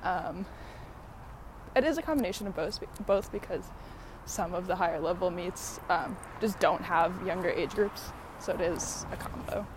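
A woman's voice: lowish voice, normal speed, background noise. A woman hosting a podcast in casual rambling chat, out of breath from walking uphill, with many fillers. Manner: many fillers, laughs often while talking. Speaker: podcast host.

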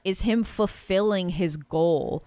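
Woman co-host, lowish smooth voice, dry close sound, thoughtful. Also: slow pace, dark tone, no room sound. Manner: thoughtful, explaining points. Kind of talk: casual chat.

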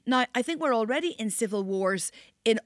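A woman's voice: on the high side, expressive, a little fast, dry recording, studio quality. A middle-aged woman with a Northern Irish accent, hosting a podcast in earnest, emphatic conversation. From Northern Ireland. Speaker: podcast host.

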